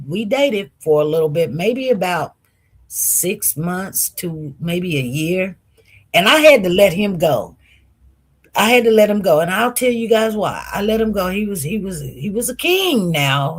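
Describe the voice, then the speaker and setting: Slow, lively-voiced woman storyteller. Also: medium pitch, breathy edge. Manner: animated, repeats words while telling a story. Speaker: host. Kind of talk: personal storytelling. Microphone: streaming setup.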